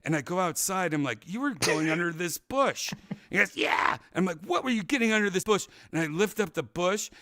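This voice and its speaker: A man hosting a casual talk show, rambling through a story and loudly acting out what people said. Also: high-pitched, a little fast, no room sound, clean studio sound. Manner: rambling, animated, acts out quotes loudly. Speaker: podcast host.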